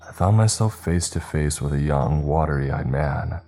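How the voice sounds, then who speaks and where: A man narrating a first-person story in a steady, even retelling. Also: a bass voice, moderate pace, soft background music.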